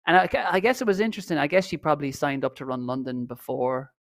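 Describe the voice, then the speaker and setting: A man's voice: fairly high pitch, expressive, quick pace, dry recording, clean studio sound. An Irish man co-hosting a podcast, chatting casually and commentating on a marathon in a rambling, self-deprecating way. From Ireland. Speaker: podcast co-host. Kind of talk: casual chat, race commentary.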